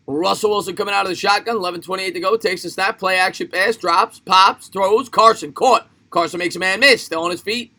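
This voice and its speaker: A man hosting a live stream, calling a football game play by play in short, punchy bursts that build in excitement. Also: sits high, a little fast, hardly any pauses. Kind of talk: amateur play-by-play commentary.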